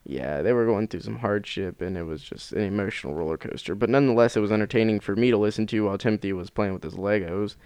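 A man's voice: fairly low pitch, fast talker, few pauses, a little mellow, smooth, no room sound. A man co-hosting a podcast, chatting casually and teasing his friend with jokes. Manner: joking, teasing banter. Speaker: podcast co-host. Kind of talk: casual chat.

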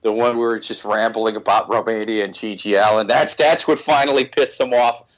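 A man's voice: fairly low pitch, steady tone, a little fast. A man on a podcast, rambling profanely with many restarts in casual banter. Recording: slightly dull lo-fi sound.

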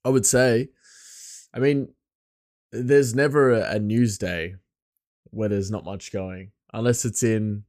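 A man hosting his podcast alone, rambling loosely and chuckling, his voice a bit hoarse. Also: fairly low pitch, steady tone, slow pace, pauses often, darkish tone, no room sound, clean studio sound. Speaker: podcast host. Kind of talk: casual podcast monologue.

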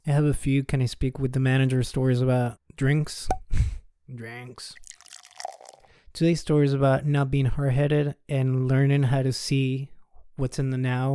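A man hosts a podcast solo and tells a work story in a loose, chatty way. He chuckles through the asides. His voice is mellow and smooth, recorded dry and close. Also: medium pitch, no echo. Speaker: podcast host. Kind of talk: casual storytelling monologue.

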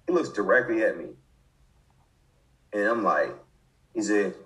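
Halting young man, low voice. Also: expressive, a bit bright, rough recording. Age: 20s. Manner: halting, many restarts and fillers. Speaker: football coach, interview guest. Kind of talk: casual conversation.

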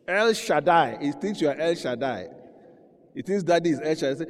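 A man preaching a sermon, dropping to a hush and then rising to loud, emphatic peaks while he acts out voices. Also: on the high side, expressive, fairly quick. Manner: preaching with dramatic swings from quiet to loud, acting out quoted voices. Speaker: pastor. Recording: long hall reverb.

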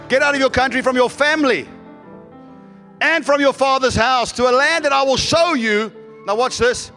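High-voiced man preaching. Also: normal speed, in a large hall, music in the background. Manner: preaching with rising fervor and congregation callouts. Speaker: pastor. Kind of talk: sermon.

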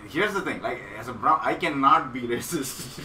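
A man's voice: mid-range voice, animated, normal speed, bright, forceful tone. A man telling a long rambling story in casual chat, often laughing and stumbling over words. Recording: roomy, distant mic with background noise.

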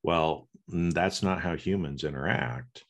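A man's voice: very deep voice, unhurried. A man co-hosting a podcast, explaining ideas as a leadership coach, often restarting and tagging sentences with "right?". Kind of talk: casual conversational chat.

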